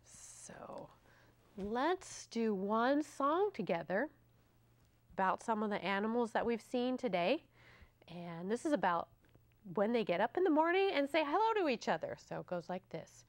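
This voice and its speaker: A woman librarian hosting storytime, reading a picture book aloud to children in a slow, sing-song way. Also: a little high, very animated, no echo.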